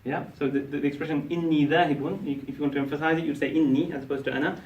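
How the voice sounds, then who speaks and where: A man's voice: on the high side, steady tone, racing, darkish tone, dull audio. A man teaching a class, explaining and quizzing his students, checking in often with "yeah?". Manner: explains, asks the class questions; frequent "yeah?" and restarts. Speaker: Arabic teacher. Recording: echoey room, mic from a distance.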